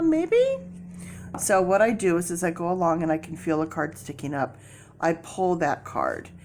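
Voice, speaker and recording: Chatty low-voiced woman reading tarot. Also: slight background noise. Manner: chatty, rambling, many fillers and restarts. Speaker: tarot reader.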